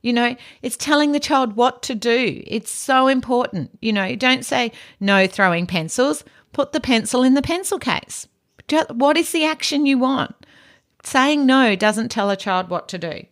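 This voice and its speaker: Calm, low-key Australian woman. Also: normal speed. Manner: practical advice, frequent "you know". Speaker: podcast host and educator. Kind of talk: teaching podcast talk.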